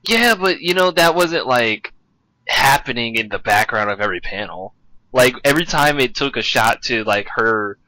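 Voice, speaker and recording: A man's voice: medium pitch, expressive, normal speed, bright, forceful tone, no echo, rough recording. A young man co-hosting a podcast, chatting casually about comics with many restarts and fillers. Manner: rambling, restarts a lot, chatty. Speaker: podcast co-host. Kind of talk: casual chat.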